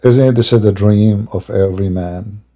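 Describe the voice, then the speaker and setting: Broken English, sarcasm and ridicule fill this man's live stream commentary, which often swells into loud taunting exclamations. His pitch is fairly low and his pace measured.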